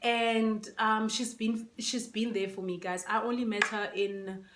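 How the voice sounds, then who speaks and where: A woman's voice: medium pitch, level tone, unhurried, reverberant, background noise. A woman vlogger chatting casually to her phone camera, emotional and close to tears, with many fillers. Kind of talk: casual unboxing chat.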